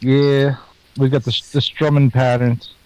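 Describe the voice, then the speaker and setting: A man's voice: medium pitch, little pitch movement, a little slow, mellow, clean tone, rough recording. A man chatting casually as a co-host, rambling and repeating himself with lots of fillers. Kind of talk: casual chat.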